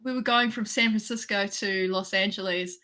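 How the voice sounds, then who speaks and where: A woman's voice: medium pitch, steady tone, moderate pace, sharp tone. A woman from New Zealand with a New Zealand accent, chatting as a guest over a video call, giggling and saying like a lot. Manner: giggly, filler-heavy, says like a lot. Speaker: guest musician. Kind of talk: casual interview chat.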